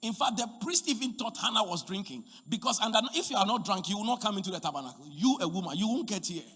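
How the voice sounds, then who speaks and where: A man preaching a sermon as pastor, swinging from shouted appeals to hushed, near-whispered lines. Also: sits high, lively intonation, quick pace, breathy edge. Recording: long hall reverb.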